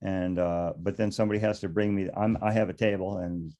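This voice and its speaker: A man's voice: deep voice, fairly even intonation, brisk, dark tone, lo-fi sound. An older man, a beekeeper and interview guest, telling stories casually in a rambling way, chuckling now and then and often restarting his sentences. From United States.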